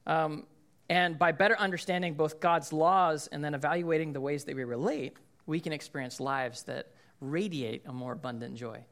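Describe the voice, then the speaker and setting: Bright-voiced animated pastor man. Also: a little high, moderate pace. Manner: animated storyteller, shouts in acted-out quotes. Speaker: lead pastor. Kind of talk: sermon with a humorous story.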